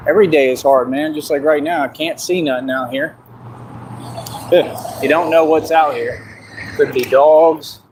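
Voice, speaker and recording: A man streaming alone outdoors in the dark, delivering a boastful, combative monologue that keeps repeating itself. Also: on the high side, noisy background. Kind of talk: ranting monologue.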